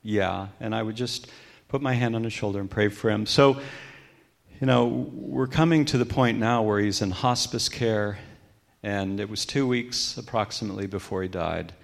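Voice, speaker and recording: Low gravelly man telling a personal story. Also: moderate pace. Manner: reflective storytelling, quoting others in hushed tones. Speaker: guest speaker. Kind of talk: personal testimony talk.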